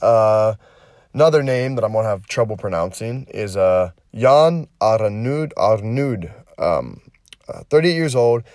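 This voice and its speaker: A man's voice: on the low side, lively intonation, normal speed, darkish tone, no room sound, studio quality. A man co-hosting a podcast, giving casual news commentary in a blunt, joking way with plenty of swearing. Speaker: podcast co-host.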